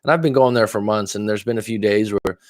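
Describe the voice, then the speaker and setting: Low-voiced guy doing a coaching livestream, blunt and chatty, swears some, dry close sound. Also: fast, no echo. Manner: candid storytelling, blunt, swears casually. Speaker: dating coach. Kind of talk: casual livestream chat reading viewer comments. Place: lives in Thailand.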